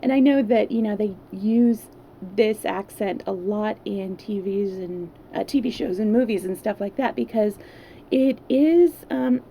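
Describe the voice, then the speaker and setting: A woman's voice: mid-range voice, measured pace, vocal fry, dark tone, slight background noise. A woman from California with a Californian accent, chatting casually on a livestream and then reading a novel aloud. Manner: chatty, rambling, many fillers. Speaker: livestream storyteller. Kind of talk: casual chat and read-aloud.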